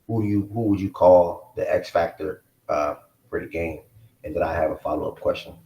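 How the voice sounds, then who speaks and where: Low male host, laid-back slangy stream chat, echoey room. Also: moderate pace, vocal fry, dark tone. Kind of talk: casual live stream chat.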